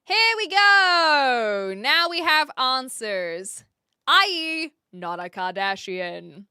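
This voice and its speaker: Young woman streamer, casual chat, chatty and scattered, high and animated voice, slow unhurried delivery. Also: clear, resonant tone, dry recording, clean studio sound. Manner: chatty, scattered, frequent fillers and restarts. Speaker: livestream host. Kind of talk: casual livestream chat with viewers.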